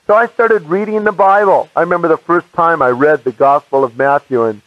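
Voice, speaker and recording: An American man telling his personal faith testimony as an animated storyteller, acting out the voices of people he quotes. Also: a little high, brisk, dry recording, soft background music. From United States. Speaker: evangelist giving his testimony. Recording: muffled dry archive recording.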